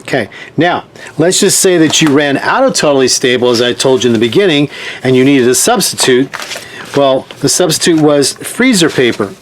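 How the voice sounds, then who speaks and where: A man's voice: medium pitch, animated, moderate pace, a little hiss or hum. A man teaching a hands-on sewing demonstration in a chatty way, often checking in with his viewers. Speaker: sewing instructor.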